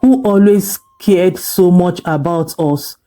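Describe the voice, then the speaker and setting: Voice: medium pitch, slow pace, soft background music, close to an everyday voice. A storyteller voicing an angry, defiant teenage girl who hurls accusations. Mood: furious. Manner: shouting accusations. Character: furious teenage girl, sharp-tongued and defiant.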